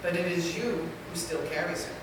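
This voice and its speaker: A woman voicing a calm, gentle male monk who answers patiently, heard from afar in an echoey hall. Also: lowish voice, normal speed, close to an everyday voice. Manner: patient, plain replies. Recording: echoey hall, far from mic, noisy.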